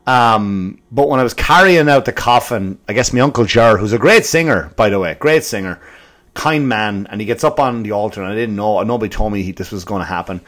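Irish male podcast comic, profane storyteller, loud bursts and muttered asides. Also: lowish voice, a little fast. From Ireland. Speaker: comedy podcast host.

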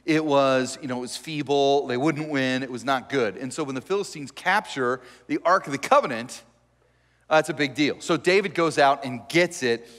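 A pastor preaching to his church, a man with a fairly high voice who tells the story with jokes and lots of animation. His voice rings out in a big sanctuary with a long reverb tail. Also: a bit bright. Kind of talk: conversational sermon.

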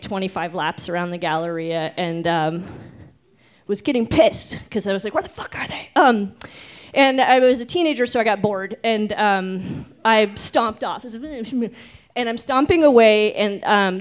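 A woman in her forties from Oregon, United States, tells a personal story live on stage in a clean, mid-range voice. She's chatty and pokes fun at herself, with many ums along the way.

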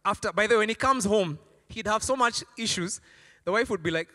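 A man's voice: high-pitched, fairly quick, pushed and bright, long reverb tail. A man preaching a sermon as a pastor, telling stories animatedly and acting out voices.

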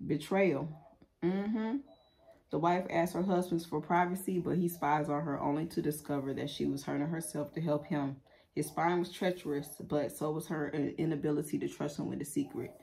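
A woman's voice: low voice, fairly even intonation, moderate pace, creaky, warm tone. A woman giving a casual tarot reading, talking bluntly and profanely in a loose, chatty way. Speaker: tarot reader.

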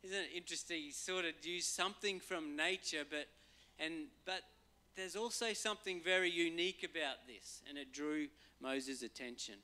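Aussie pastor guy chatting thru a sermon, kinda high bright voice. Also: moderate pace. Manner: conversational, acts out voices and quotes for humor.

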